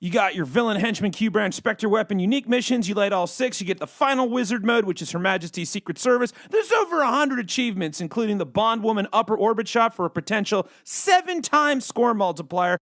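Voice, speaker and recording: A man hosting a casual live stream in an arcade, joking and rambling excitedly. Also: sits high, a little fast, hardly any pauses. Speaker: stream host.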